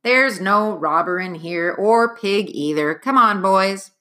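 A woman voicing a gruff, suspicious male ship's cook with blunt, folksy speech. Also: mid-range voice, takes it slowly, pushed and bright.

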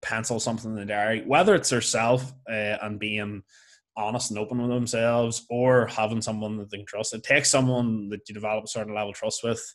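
A man with a Lurgan accent from Northern Ireland hosting a casual podcast conversation, talking in a blunt, candid and animated way. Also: lowish voice. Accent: Northern Irish, Lurgan. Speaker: podcast host.

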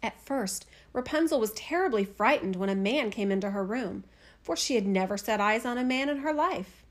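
A woman telling a fairy tale aloud as a storyteller, with an expressive, measured reading. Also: a little high.

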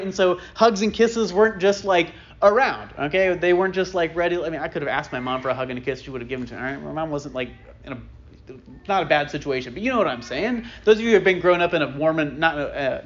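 A man in his thirties preaching a sermon, telling a family story in a casual, self-deprecating way, often checking in with "right?". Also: sits high. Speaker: pastor. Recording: dull lo-fi sermon recording.

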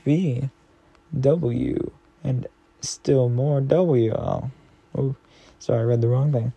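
A man talking softly and affectionately to a partner and reading a children's storybook aloud at bedtime. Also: medium pitch, vocal fry, no echo. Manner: gentle, affectionate, slow reading.

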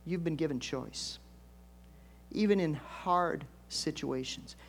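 A man's voice: a little high, slow pace, gravelly, slight background noise. An older man, a pastor, preaching a conversational storytelling sermon with folksy asides and emphatic swells.

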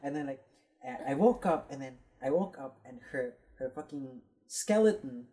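A young woman with a low, mellow voice tells a story to friends in casual chat. She swears freely and acts out the lines of the people in it. Her tone stays dark and relaxed. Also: normal speed.

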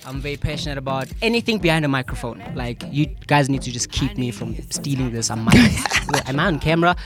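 An energetic South African man talks up his own creativity in a relaxed studio chat. His voice sits at a middling pitch for a man. Music plays steadily behind him. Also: a little fast. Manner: lively, boastful, mixes in Zulu phrases. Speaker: guest artist. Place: radio studio.

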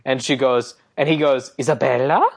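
Young female co-host, low-pitched, loose filler-heavy plot recapper. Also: normal speed. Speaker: podcast co-host.

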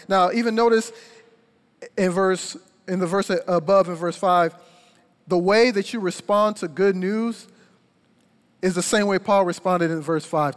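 A young man preaching a sermon, telling a personal story with energetic, emphatic delivery. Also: sits high, unhurried, long pauses. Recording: long hall reverb.

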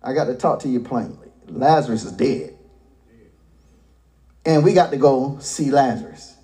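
A man voicing Jesus in a sermon retelling, dropping into a lower, deliberate, firm tone while quoting him. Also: dark tone, natural voice. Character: Jesus, a calm grown man speaking firmly.

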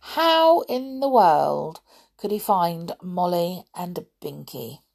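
A woman narrating a children's storybook in an expressive, animated way. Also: lowish voice, slow, vocal fry.

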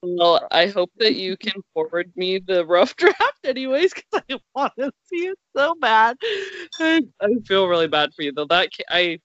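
Sympathetic woman co-host, lively pitch. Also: normal speed, dry recording, lo-fi sound. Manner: sympathetic listener, short reactions. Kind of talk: casual chat.

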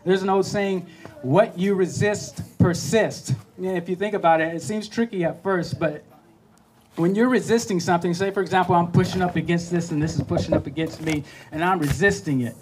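A man hosting a podcast, telling a motivational story in a lively, animated way and acting out the voices. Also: high-pitched, a little fast, a little hiss or hum. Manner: animated, acts out voices, laughs at his own story. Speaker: podcast host.

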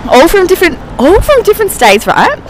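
A woman guest telling a story in casual chat, animated, swearing freely and filling her speech with "like". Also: extremely high pitch, fairly quick, a little hiss or hum, low-quality recording. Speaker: guest friend.

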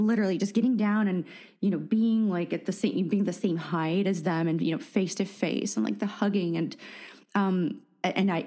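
A woman's voice: medium pitch, warm tone. A woman hosting a podcast, chatting casually and self-deprecatingly, with frequent restarts and laughter. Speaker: podcast host. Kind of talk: casual chat.

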